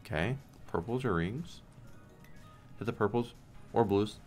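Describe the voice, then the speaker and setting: A young man with a low, deep voice commentates his own slot spins in a loose, casual way. He curses, begs and turns sarcastic as the game lets him down. Faint music plays quietly behind him. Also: measured pace. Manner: swears and pleads at the game, frustrated and sarcastic. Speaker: slot streamer. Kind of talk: casual gambling stream commentary.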